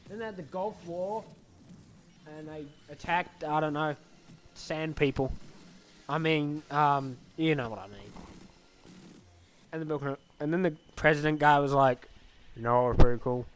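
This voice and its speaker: A man's voice: on the high side, a little slow, pauses often, slight background noise, rough recording. A young man giving a goofy, scatterbrained comedic monologue into a desk microphone, acting out silly voices. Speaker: comedic history narrator.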